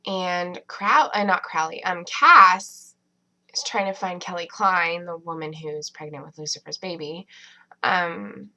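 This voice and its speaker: A woman talks through a TV episode at home in an easygoing, meandering way, filling pauses with fillers and circling back on herself. Her voice sits a little low for a woman, yet it comes across bright and forceful. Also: rough recording. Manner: chatty, many fillers and restarts. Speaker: TV episode reviewer. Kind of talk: casual rambling review.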